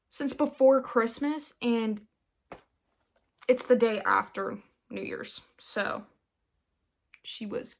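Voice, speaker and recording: A young woman from Utah hosting a casual solo podcast from her bedroom, chatty and self-mocking, slipping into silly voices now and then. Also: fairly high pitch. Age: young adult. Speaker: podcast host.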